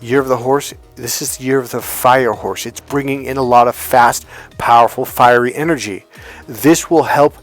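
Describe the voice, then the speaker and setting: Soft background music plays as a man with a medium-pitched, fairly even voice delivers a motivational talk about dating and relationships. Speaking at normal speed, he's blunt and profane, acting out voices in the stories he tells.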